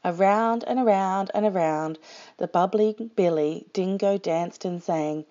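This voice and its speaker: A woman reading a children's picture book aloud with slow, expressive storytime delivery. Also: mid-range voice, dull audio.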